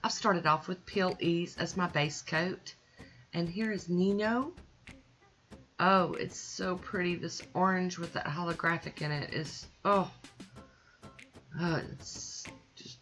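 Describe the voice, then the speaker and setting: A woman's voice: fairly low pitch, a bit bright. A woman hosting her own nail polish channel, talking through a manicure in a chatty, easygoing voice-over. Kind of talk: casual voice-over tutorial.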